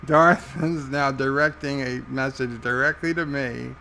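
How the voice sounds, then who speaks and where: An American man hosting a casual live stream, reading chat messages aloud in an amused, halting way. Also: medium pitch, fairly even intonation, gravelly, sharp tone, slight background noise. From United States. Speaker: livestream host reading chat.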